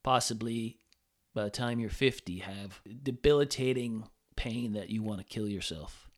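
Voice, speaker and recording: A man's voice: fairly low pitch, normal speed. A man hosting a podcast, talking in a rambling, profane casual monologue with many restarts. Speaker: podcast host.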